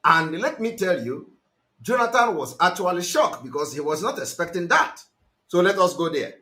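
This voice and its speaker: A man's voice: high-pitched, sing-song, normal speed. Fiery man, raised voice. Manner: forceful, mocking, mixes in pidgin and Igbo. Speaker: activist broadcaster. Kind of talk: impassioned political commentary.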